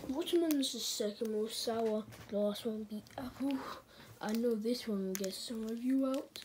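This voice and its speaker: A woman's voice: on the high side, normal speed, noisy background. A woman hosting a playful plush toy sour challenge, announcing each contestant.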